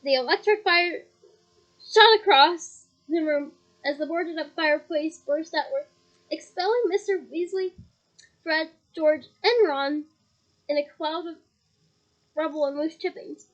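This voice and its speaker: High-voiced woman reading a novel aloud. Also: measured pace, pauses often, dull audio. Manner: chatty, giggly asides between passages. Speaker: reader.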